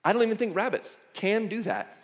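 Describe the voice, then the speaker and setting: A male pastor delivering a sermon, telling the story in a lively, casual way with asides. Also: high voice, fairly quick. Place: church sanctuary. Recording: echoey church hall.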